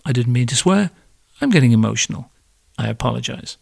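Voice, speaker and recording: A man's voice: mid-range voice, expressive, brisk, vocal fry, husky, no room sound, clean studio sound. A man hosting a podcast, delivering a sarcastic comedic monologue that builds into sweary rants. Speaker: podcast host.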